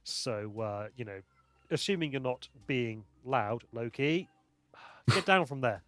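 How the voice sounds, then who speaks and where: A man's voice: medium pitch, animated, a bit bright, no room sound. Hesitant man game master. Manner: halting, many restarts. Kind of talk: narrating a tabletop game.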